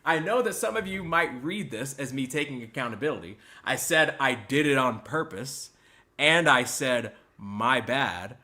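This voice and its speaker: A young adult man hosting a podcast, delivering an exaggerated, sarcastic mock apology that swings between loud outbursts and muttered asides. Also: medium pitch, lively intonation, measured pace. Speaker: podcast host.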